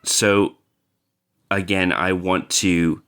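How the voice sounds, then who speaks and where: A man playing a tabletop game, deliberately talking through his moves. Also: low voice, fairly even intonation, fairly bright tone, smooth. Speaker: player.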